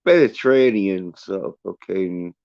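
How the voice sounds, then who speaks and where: A man's voice: low-pitched, lively intonation, measured pace, creaky, a little mellow, no room sound, dull audio. A man hosting a livestream, ranting in a rambling, profane way with many fillers and restarts. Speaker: livestream host.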